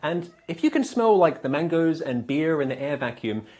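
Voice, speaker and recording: A man's voice: a little high, very animated, normal speed, a little mellow. A man from Australia with an English-sounding accent, hosting a comedy variety show with a wry, punchy monologue. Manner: wry, punchy delivery with frequent laughs at own jokes. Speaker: host.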